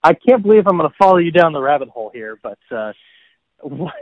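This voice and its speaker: A man's voice: a little high, very animated, fast talker, dry recording. A man co-hosting a casual gaming podcast, teasing his partner wryly and laughing easily. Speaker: podcast co-host. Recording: tinny phone-like line.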